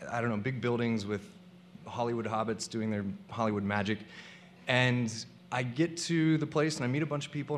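A man's voice: mid-range voice, slight background noise. A young man telling a comic personal story to a live audience, acting out the people he quotes.

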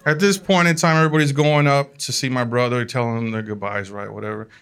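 A man telling a comic family story in an animated way, laughing along as he talks. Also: mid-range voice, fast talker, smooth. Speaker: comedian. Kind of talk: comedic storytelling.

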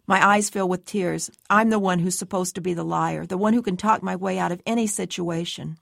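A woman's voice: lowish voice, fairly even intonation, brisk, vocal fry, hardly any pauses, fairly bright tone, dry recording, studio quality. A woman giving tense, anxious first-person story narration as an audiobook narrator.

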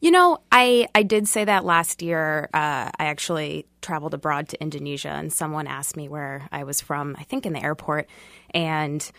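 Low raspy woman prof from boston, chatting on the radio, dry sound. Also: normal speed, a bit bright, no room sound. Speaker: sociology professor, guest. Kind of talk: radio interview.

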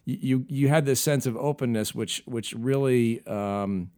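Podcast co-host guy, mid pitch, thoughtful and halting, dry mic. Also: mellow, smooth, no room sound. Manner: reflective, halting, many restarts. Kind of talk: casual conversation.

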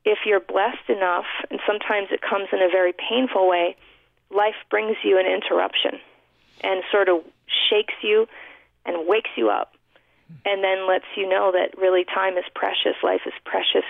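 A woman's voice: mid-range voice, level tone, moderate pace, gravelly, no room sound. A woman from New York City, a guest author in a radio interview, telling her life story in a heartfelt, reflective way with frequent restarts. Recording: dry, thin phone-like line.

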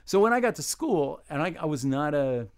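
His fairly high voice is smooth, swinging widely in pitch at a normal speed. He's a seventies-aged humor writer from New York, guesting in a casual radio interview and telling rambling, wry, self-deprecating stories.

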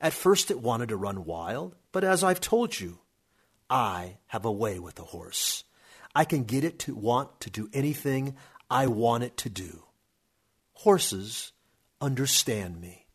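A man's voice: medium pitch, big pitch swings, measured pace, breathy edge, heavily acted. A man voicing a proud, serious teenage boy who talks in an emphatic, lecturing way. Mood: boastful.

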